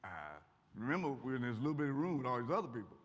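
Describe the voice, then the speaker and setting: A man's voice: mid-range voice, very fast, slightly rough, dull audio. An older man with an Eastern Kentucky accent, a guest speaker giving a folksy, joking college talk and answering audience questions. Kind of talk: lecture and audience Q&A. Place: college auditorium. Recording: echoey hall.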